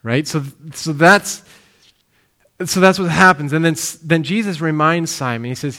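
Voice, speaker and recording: Slightly high-voiced man preaching casually. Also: moderate pace. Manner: casual and animated, with frequent restarts and fillers like "like". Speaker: pastor. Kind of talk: conversational sermon.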